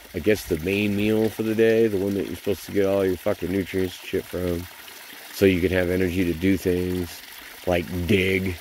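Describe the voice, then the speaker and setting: A deep-voiced man in his forties delivers a bitter vlog rant that is thick with swearing. His voice sits very low. Faint running water trickles behind him. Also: a little mellow, slight background noise. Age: 40s. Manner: bitter, profane ranting. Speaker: vlogger. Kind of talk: venting vlog monologue.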